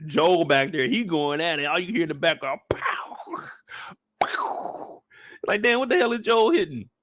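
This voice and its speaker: A young man giving a casual, profane, joking recap of a TV episode, lively and quick to burst into loud shouts. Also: a little high, dry recording, clean studio sound. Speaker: show recap reviewer. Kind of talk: casual live recap commentary.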